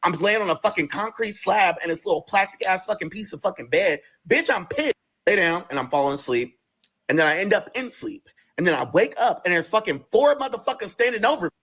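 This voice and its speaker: A man's voice: high-pitched, fast. A man telling a story about his own experience in a casual, profane, emphatic first-person way. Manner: profane, emphatic, animated retelling.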